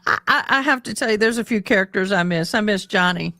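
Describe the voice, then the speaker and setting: A woman's voice: medium pitch, quick pace, sharp tone, no room sound. A woman hosting a casual livestream, talking in a chatty way close to her desk mic and repeating the courtroom testimony aloud. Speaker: livestream host. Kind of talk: casual commentary on a live court stream.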